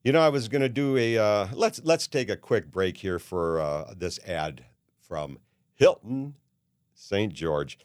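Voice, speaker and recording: A man's voice: lowish voice, expressive, measured pace, dry recording, studio quality. Blunt ranting man in his seventies. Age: 70s. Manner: ranting, blunt, many fillers and restarts. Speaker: podcast host. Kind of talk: opinionated monologue.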